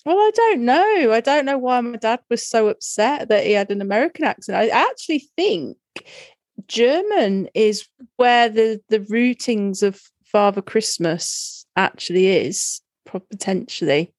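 A woman's voice: a little high, lively intonation, measured pace, no echo, studio quality. A woman co-hosting a casual chat, rambling fondly and animatedly, laughing often.

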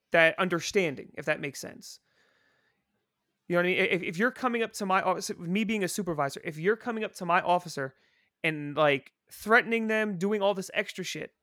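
A man's voice: sits high, fairly bright tone, no echo, clean studio sound. A man talking about his work as a prison supervisor in casual chat, earnest and rambling, with lots of swearing. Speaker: podcast guest, prison supervisor.

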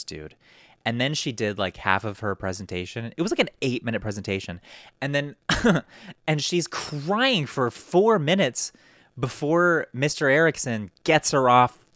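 A man's voice: lowish voice, fairly bright tone, no echo, studio quality. A young man hosting a podcast, rambling through a story and acting out quotes in a raised voice. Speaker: podcast host. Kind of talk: casual storytelling.

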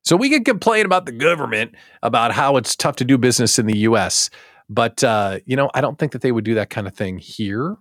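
A man hosting a daily live show for small business owners, talking in a jokey, animated way with self-deprecating asides. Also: medium pitch, a little fast, no echo, studio quality. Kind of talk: casual live-show monologue.

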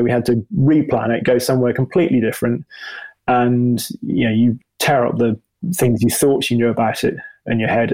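Gravelly man, rambling. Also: medium pitch, a little mellow, rough recording. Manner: rambling, self-deprecating, many restarts. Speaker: motoring journalist and video presenter. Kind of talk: reflective interview answers.

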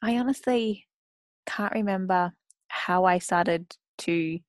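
A woman's voice: on the low side, slow, no echo. Enthusiastic woman host. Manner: enthusiastic, warm encouragement. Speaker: podcast host. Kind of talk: casual interview.

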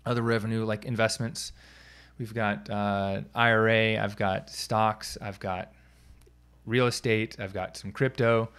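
A man's voice: medium pitch, fairly bright tone. A man from the US East Coast, a physical therapy business coach, talking casually to listeners with many fillers and restarts. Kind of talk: casual podcast talk.

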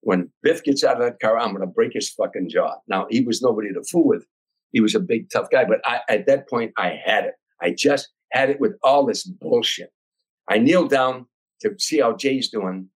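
An older man from Chicago, a comedian telling a long anecdote as a podcast guest, animated and acting out voices and sounds. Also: mid-range voice, normal speed, breathy edge, poor audio. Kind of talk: storytelling anecdote.

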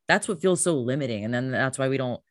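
A woman's voice: extremely low pitch, lively intonation, fast talker, dry recording, clean studio sound. A woman guest on a podcast, a coach, talking enthusiastically and emphatically in casual chat.

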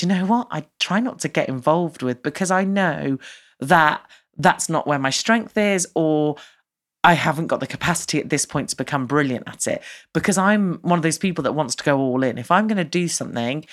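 A woman hosting her own podcast, talking solo in a chatty, rambling and upbeat way and laughing mid-sentence. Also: sits low. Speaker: podcast host.

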